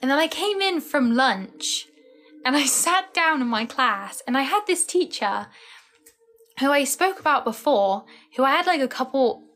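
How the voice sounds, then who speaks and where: Sleepy girl rambling on a phone livestream, kinda high voice, loads of likes. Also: animated, measured pace, fairly bright tone. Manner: rambling, chatty, frequent "like" fillers. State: tired. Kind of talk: casual live-stream chat.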